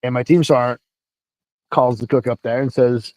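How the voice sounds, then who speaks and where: A man in a casual livestream chat, spinning profane, animated army stories. His voice sits at an ordinary pitch and sounds close and dry, with no room around it. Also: moderate pace, long pauses, dry recording. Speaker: army veteran storyteller.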